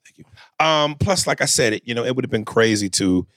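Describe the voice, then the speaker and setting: A man hosting a podcast, chatting casually and reading out a listener email with drawn-out fillers. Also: mid-range voice, animated, fairly bright tone, no echo. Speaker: podcast host.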